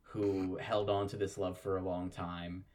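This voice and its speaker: A co-host in casual chat about a TV drama, speaking in a relaxed way with trailing phrases and fillers. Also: deep voice, unhurried. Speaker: podcast co-host.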